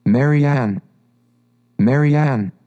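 A man's voice: medium pitch, very slow, dark tone, muffled recording. A man reading a storybook aloud and voicing a fretful, bossy male white rabbit that mutters frantically and snaps orders. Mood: impatient. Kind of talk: audiobook reading.

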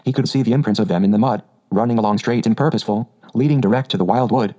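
A man reading a classic storybook aloud at a measured, unhurried pace. His voice is low-toned, mellow and relaxed. The recording is slightly dull and muffled. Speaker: narrator. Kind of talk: audiobook narration.

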